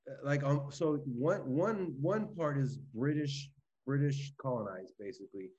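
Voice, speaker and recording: A man hosts a podcast interview, feeling his way through questions with "uh" and "like." His pitch is middle for a man, and his sound comes across a little dull and muffled. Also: a little mellow. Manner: curious, halting questions. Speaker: podcast host. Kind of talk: casual interview.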